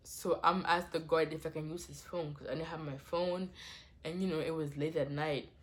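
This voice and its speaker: Animated young woman telling a dramatic story. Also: low voice, moderate pace. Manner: dramatic, animated storytelling with swings from hushed to loud. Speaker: vlogger. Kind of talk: casual storytime.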